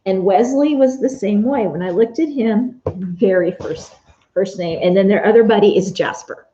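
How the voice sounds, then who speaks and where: Woman, casual live-stream chat, warm relaxed tone, dull lo-fi sound, talking to viewers while sewing. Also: medium pitch, moderate pace, a little hiss or hum. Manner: chatty, answers viewer comments by name.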